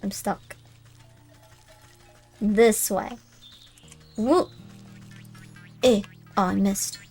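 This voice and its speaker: A woman's voice: mid-range voice, steady tone, extremely slow, darkish tone, faint music behind. A young woman streaming a game, chatting as she plays and reading the game text aloud. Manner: chatty, easily distracted, reads game text.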